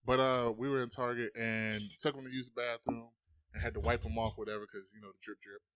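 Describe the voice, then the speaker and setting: A man's voice: medium pitch, quick pace, dry recording. A young adult man telling stories in casual chat, swearing freely and acting out the quotes. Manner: animated storyteller, swears freely, acts out quotes. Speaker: podcast host.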